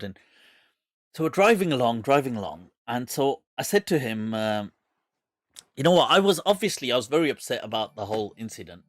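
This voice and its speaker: A man's voice: mid-range voice, dry recording, clean studio sound. Man telling a story with laughs. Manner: animated anecdote telling, laughing often. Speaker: host and Islamic scholar. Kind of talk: casual storytelling on a live Q&A stream.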